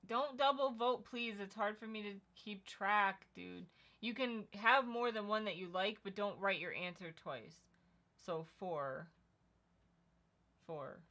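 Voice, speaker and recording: A woman's voice: mid-range voice, slow, sharp tone. A woman co-hosting a casual livestream, chatting and reading out viewer comments. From Connecticut. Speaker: co-host of a livestream.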